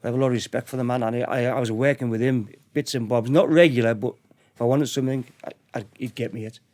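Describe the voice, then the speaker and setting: Speaking fast at a medium pitch, with a steady tone and a slightly mellow quality, a middle-aged man recounts crimes as a podcast guest. His telling is casual and rambling, full of repeated words and dramatized quotes.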